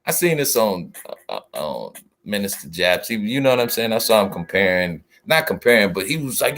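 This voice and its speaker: A man hosting a casual livestream, talking in an animated, slangy way and speaking straight to his chat. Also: lowish voice, a little fast, soft background music. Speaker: livestream host.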